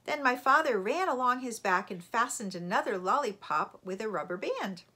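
A woman reading a children's chapter book aloud in an expressive storytelling voice. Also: on the high side, moderate pace. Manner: expressive storytelling, lively intonation. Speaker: library read-aloud reader.

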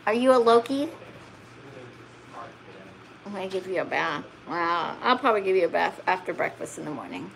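A woman's voice: fairly low pitch, sing-song, moderate pace, gravelly, pauses often, slight background noise. A middle-aged woman breeding huskies, chatting casually on a home vlog, laughing often and cooing at a wriggly puppy. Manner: giggly, fussing and cooing at the puppy. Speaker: husky breeder. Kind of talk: casual vlog chat while handling puppies. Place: home, indoors by a couch.

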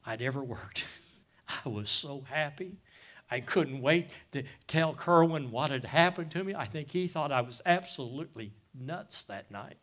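A middle-aged man preaching a sermon, moving between hushed, nearly whispered testimony and loud impassioned passages, calling out to the congregation with "Amen?" and "guys.". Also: medium pitch, lively intonation, measured pace. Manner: addresses listeners as "guys" with call-outs of "Amen?". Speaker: pastor.

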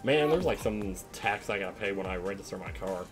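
A man's voice: lowish voice, lively intonation, brisk. A young adult man streaming a story game, chatting casually and rambling between moments of play. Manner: rambling, chatty, trails off with fillers like "like". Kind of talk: casual chat while gaming. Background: game music.

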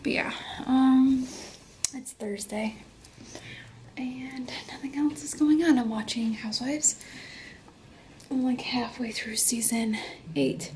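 A young woman vlogging at home in casual chat, out of breath and talking in a breathy half-whisper. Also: high voice, fairly even intonation, takes it slowly, pauses often, darkish tone, slight background noise. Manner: rambling, chatty.

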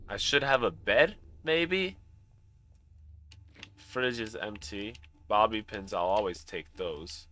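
A man's voice: fairly low pitch, pushed and bright, dry recording. A man streaming a video game, chatting casually and reading in-game notes aloud with animation. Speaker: gaming streamer. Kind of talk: casual gameplay commentary.

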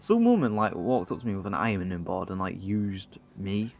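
A man's voice: low voice, lively intonation, normal speed, a little mellow, dull audio. A man, telling a rambling comic story full of swearing and self-mockery.

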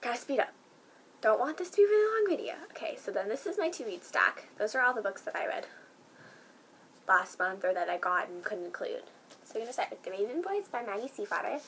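Young woman, book vlogger, gushing and excitable, gravelly fry in her voice, faint background hiss. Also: mid-range voice, brisk, rough recording. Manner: gushing, excitable, many fillers. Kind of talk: casual vlog chat.

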